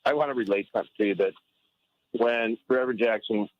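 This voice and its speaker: A man in his fifties on a radio talk show, telling a memory with halting, restarting speech. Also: medium pitch, no room sound. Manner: halting, restarts often, grows excited. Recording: dull dry radio line.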